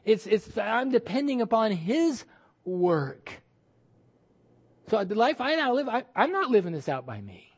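A man's voice: high voice, big pitch swings, measured pace, husky. A male pastor preaching a sermon with emphatic delivery, repeating words and acting out quoted voices.

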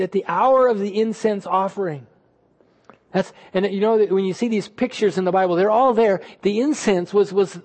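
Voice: medium pitch, a little mellow. A pastor preaching a sermon in a conversational way, retelling a scripture story, acting out people's thoughts and asking the listeners questions. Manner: conversational, asks the audience questions.

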